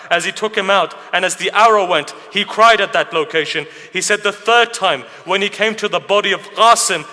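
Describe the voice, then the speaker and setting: A man's voice: high-pitched, sharp tone. A man delivering a narrative sermon at a mourning gathering, telling the story with emotion and asking rhetorical questions. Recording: reverberant hall.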